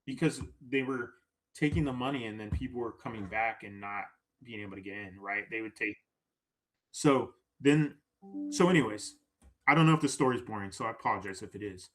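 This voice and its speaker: A man as a podcast guest, telling a story in a casual, animated way, acting out quoted lines and often tagging "right?". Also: lowish voice, a little fast.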